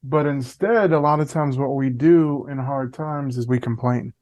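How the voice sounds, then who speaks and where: A man's voice: medium pitch, normal speed, darkish tone. A man co-hosting a Christian podcast, speaking casually and reflectively with frequent restarts. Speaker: podcast co-host. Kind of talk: faith podcast conversation.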